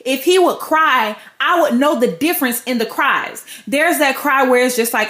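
A woman's voice: high-pitched, moderate pace, few pauses, fairly bright tone. A woman hosting a podcast, giving a casual, slangy devotional teaching in a storytelling way. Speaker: podcast host. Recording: roomy echo.

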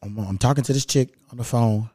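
A man hosting his podcast alone, telling a story in a laid-back, profane, animated way. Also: medium pitch, fairly quick, no echo, studio quality. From Louisville, Kentucky. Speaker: podcast host. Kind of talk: casual solo storytelling. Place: at home.

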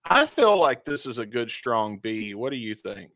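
A man's voice: medium pitch, very animated, moderate pace, sharp tone, no echo. A man co-hosting a casual podcast, reading listener stories aloud in a laid-back way and ranking them. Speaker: podcast co-host.

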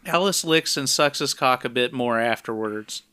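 A man's voice: mid-range voice, normal speed, pushed and bright, smooth, dry recording. A man co-hosting a podcast, summarizing a film's plot in a plain conversational way with dry asides. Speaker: podcast co-host recapping a film. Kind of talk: casual recap narration.

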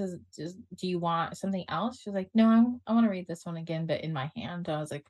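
A woman's voice: mid-range voice, fast, few pauses, a little mellow. A middle-aged woman, a self-published author, chatting casually and laughing often. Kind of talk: casual chat.

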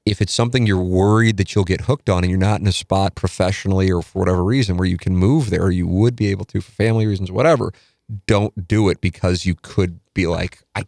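A weary middle-aged man talks through a podcast in a low voice, swearing and trailing off as he rambles. The recording is close and dry, with no room sound. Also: fairly even intonation, fast talker, creaky, a little mellow, no room sound. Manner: profane, rambling, tired and yawning. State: tired. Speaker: podcast host. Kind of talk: casual chat.

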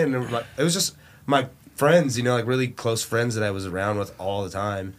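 A man's voice: medium pitch, animated, normal speed. A man from Dallas, a drummer, talking casually about his bands on a podcast, laughing often and quoting his friends. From Dallas, Texas. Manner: laid-back, laughs often, quotes friends. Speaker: drummer and band member.

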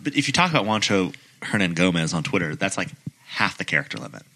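A man's voice: low-pitched, big pitch swings, fast, pushed and bright. A man co-hosting a podcast in casual sports chat, joking as he reads out team news. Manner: reads team lists, jokey. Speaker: podcast co-host.

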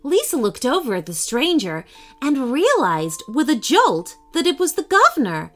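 A woman narrating a children's story in an expressive storytelling manner. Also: on the low side, normal speed, faint music behind.

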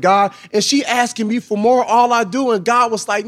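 A high-voiced man in his thirties spins a lively testimony on a live panel. He drops slang and slips into the voices of the people in his story. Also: brisk, few pauses. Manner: animated, slangy, acts out voices in his stories. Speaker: guest on a live podcast panel. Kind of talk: testimony-style storytelling with quoted dialogue.

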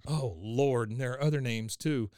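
A man's voice: mid-range voice, normal speed, a little mellow, smooth, no echo, clean studio sound, close to an everyday voice. A man voicing a middle-aged wife and mother who speaks in an insistent, fretful way.

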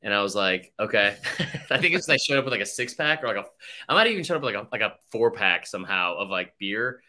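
A man's voice: on the low side, animated, fast talker, pushed and bright. A young man co-hosting a sports podcast, rambling through stories and swearing freely as he chats. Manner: rambling, swears a lot, tells stories with quoted voices. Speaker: podcast co-host. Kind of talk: casual sports podcast chat.

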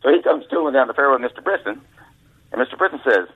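A man's voice: mid-range voice, expressive, very fast, husky, no room sound. A man telling folksy anecdotes as a guest in an interview, acting out other people's voices, heard over a dry, tinny phone line. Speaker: guest author, former caddy. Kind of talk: storytelling interview.

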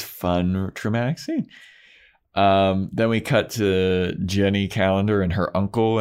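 A man with a low-pitched voice co-hosts a podcast, walking through a TV episode in relaxed chat. He keeps breaking into exaggerated impressions of the characters as he retells scenes. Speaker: podcast co-host. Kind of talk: casual chat recapping a TV episode.

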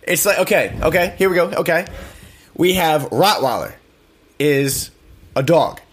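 A man's voice: on the high side, lively intonation, unhurried, a little hiss or hum. A man hosting his own podcast, chatting casually, laughing often and teasing his co-host. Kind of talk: casual banter.

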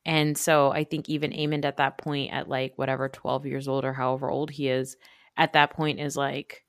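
A man's voice: a little high, level tone, moderate pace, fairly bright tone, dry recording, clean studio sound. A man co-hosting a podcast, rambling and gossipy in casual recap chat, full of fillers. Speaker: podcast co-host.

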